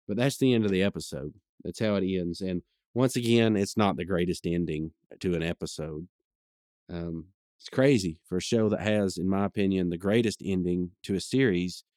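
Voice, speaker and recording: A man's voice: deep voice, a little mellow, no room sound, studio quality. A man hosting a podcast, casually recapping a cartoon episode in a rambling way, full of fillers and brief quoted lines. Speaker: podcast host.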